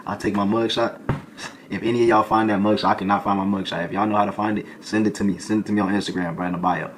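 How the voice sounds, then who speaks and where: A young adult man, a streamer, telling a comedic storytime in an animated, slangy way, peppering his lines with "boy" and "folk". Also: lowish voice, fast, background noise.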